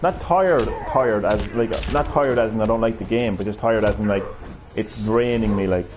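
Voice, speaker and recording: A man with a lowish voice live-streams a fighting game, chatting casually at a moderate pace. He rambles and swears freely as he plays, with a noisy background behind him.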